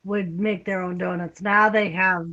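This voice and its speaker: Relaxed friendly caller, average pitch, muffled low-fi line. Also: unhurried. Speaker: friend in group call. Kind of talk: casual chat. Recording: dull lo-fi call audio.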